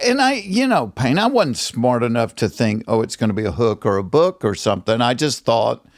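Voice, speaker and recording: Gravelly Southern man telling a story. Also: moderate pace, dry recording, clean studio sound. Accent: Southern US, Georgia. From Georgia, US. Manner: animated storyteller, acts out quotes with jumps in pitch. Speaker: guest comedian. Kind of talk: casual storytelling chat.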